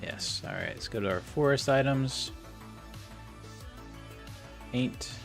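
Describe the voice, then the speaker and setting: A man's voice: mid-range voice, takes it slowly, creaky, faint music behind. A man casually narrating as he plays and edits a game, thinking aloud and talking himself through each step. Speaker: game modder and video creator. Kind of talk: casual commentary while playing and editing a game.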